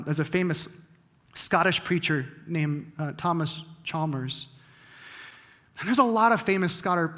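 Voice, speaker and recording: A man's voice: fairly high pitch, a bit bright, in a large hall. A man preaching a sermon as the pastor, earnest, with frequent restarts and jokey asides. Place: church sanctuary.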